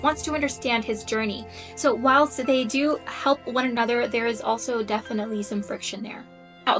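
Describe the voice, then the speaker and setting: Earnest woman explaining over soft music. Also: a little high, poor audio. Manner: earnest, thinks aloud with frequent "um"s. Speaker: astrology content creator. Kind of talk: casual explanatory talk.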